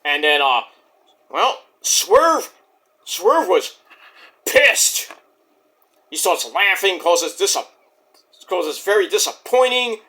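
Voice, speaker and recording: A man giving a casual, rambling vlog review of a wrestling show, cursing freely and filling pauses with lots of "uh.". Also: high-pitched, big pitch swings, sharp tone. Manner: rambling, profane, many fillers.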